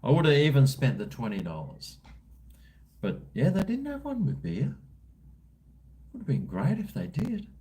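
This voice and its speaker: Reading out comments on his livestream, this middle-aged Australian host rambles along in relaxed slang with a drawl. His medium-pitched, warm voice swoops wildly in pitch, moving at normal speed with long pauses.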